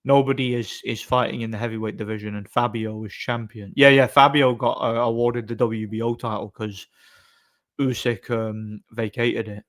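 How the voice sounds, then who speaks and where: A man's voice: medium pitch, little pitch movement, moderate pace. A man chatting casually on a live stream, reading comments and rambling sarcastically with many fillers and restarts.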